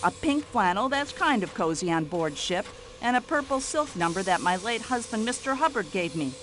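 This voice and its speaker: An actress playing a brash, nosy older American widow with an American accent, fussing and complaining in a game. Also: female voice, medium pitch, animated, moderate pace, a bit bright, slight background noise, close to an everyday voice. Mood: gossipy. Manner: indignant, nosy, fussy complaining chatter. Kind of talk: video game voice acting.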